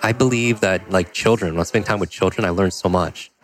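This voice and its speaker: Fast-talking low-voiced man telling a story. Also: slight background noise. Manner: quick, animated storytelling with many "like" and "you know" fillers. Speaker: podcast guest. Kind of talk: storytelling in a conversational interview.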